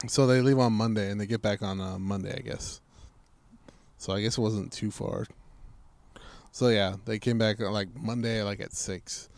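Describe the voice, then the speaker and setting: A young man telling a story in casual chat, animated and swearing freely, acting out what people said. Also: lowish voice, normal speed, creaky.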